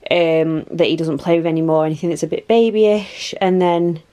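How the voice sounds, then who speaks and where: A woman's voice: fairly low pitch, steady tone, normal speed, warm tone. A woman, chatting casually as she vlogs from her child's bedroom at home, rambling with lots of fillers. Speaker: vlogger and mum. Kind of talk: casual home vlog chat.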